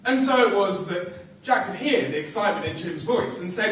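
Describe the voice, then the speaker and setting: A man telling a story live on stage in a rhythmic, repetitive way, often sinking to hushed tones, recorded in a theatre from a distance. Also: high-pitched, animated, a little fast. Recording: echoey theatre from far off, faint ambience.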